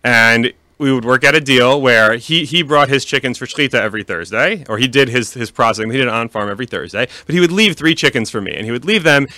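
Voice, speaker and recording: A man's voice: medium pitch, fast talker, hardly any pauses, bright, forceful tone, dry recording. A man talking casually in an interview about founding his meat business, with many restarts and fillers. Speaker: kosher meat company founder.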